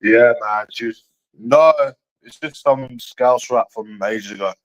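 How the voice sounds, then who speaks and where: A man's voice: medium pitch, a little slow, rough recording. A man in a profane, rambling livestream chat, calling his viewers bro and mate.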